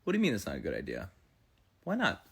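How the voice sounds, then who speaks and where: A man's voice: sits low, huge pitch swings, quick pace, creaky, breathy edge, pitched below the performer's own voice, exaggerated voice. A man playing a whiny, clingy wife who pleads with her husband in a comedy sketch.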